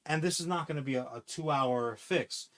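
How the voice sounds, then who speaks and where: A man chatting casually on a podcast, rambling and swearing as he pitches a movie idea with acted-out quotes. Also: normal speed. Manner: rambling, profane, animated storytelling with acted-out quotes. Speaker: podcast co-host. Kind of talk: casual comic-book podcast chat.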